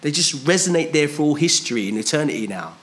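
A man preaching a sermon to a congregation, emphatic and fond of rhetorical questions, pushing his pitch up on key points. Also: expressive, fast, fairly bright tone, a little hiss or hum.

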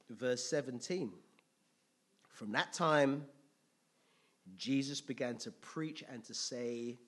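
Man, preacher, unhurried Bible teaching, repeats phrases, bursts out loud, laughs often. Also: medium pitch. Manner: slow, repetitive, bursts into loud excited exclamations; laughs often, digresses into personal testimony.

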